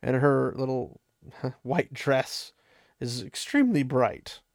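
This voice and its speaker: Gravelly man casually retelling a story. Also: mid-range voice, slow, dry recording, clean studio sound. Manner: chatty, loose, with fillers and laughs.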